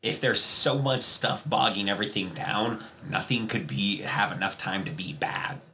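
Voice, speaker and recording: A man co-hosting a casual movie podcast, excitable and quick to exclaim. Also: lowish voice, slight background noise. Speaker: podcast co-host. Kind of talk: casual chat.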